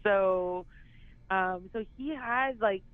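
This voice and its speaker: A woman's voice: medium pitch, drawn-out words, dry recording. A woman being interviewed who rambles casually, filling her talk with "like" and "you know". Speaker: actress, interview guest. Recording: tinny phone line.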